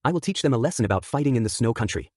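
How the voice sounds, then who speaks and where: A man's voice: mid-range voice, expressive, rapid-fire, a little mellow, no echo, studio quality, close to an everyday voice. A man voicing a rude, bossy tyrant king who barks orders in a fanfic reading. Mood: barking, disgusted. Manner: barking, contemptuous.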